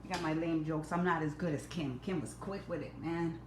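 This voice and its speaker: Brisk and steady, her low-pitched voice carries through a noisy, echoing room picked up by a faraway mic. The middle-aged host runs a relaxed live cooking lesson at home, addressing viewers by name and joking at her own expense.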